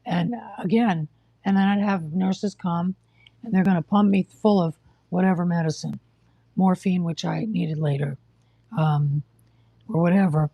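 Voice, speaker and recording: Casual live-stream host: husky, out of breath, blunt and exasperated, dry close mic. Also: mid-range voice, fairly even intonation, a little slow, dry recording, lo-fi sound. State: short of breath, coughing. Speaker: livestream host telling of hospital care.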